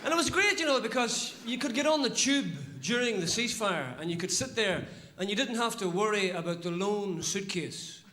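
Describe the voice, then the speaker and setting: Northern irish guy doing stand-up, really high voice, swoops all over, noisy live recording. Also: normal speed, hardly any pauses. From Northern Ireland. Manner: animated, shouts in bursts. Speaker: stand-up comedian. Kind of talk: stand-up routine. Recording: live set with loud audience laughter. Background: audience laughter.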